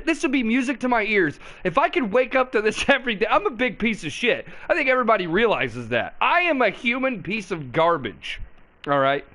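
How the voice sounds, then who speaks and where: A man hosting a show, chatting casually with amusement and telling stories between clips. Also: sits high. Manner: amused, laughing, animated storytelling. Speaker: show host reacting to a clip. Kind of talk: casual commentary.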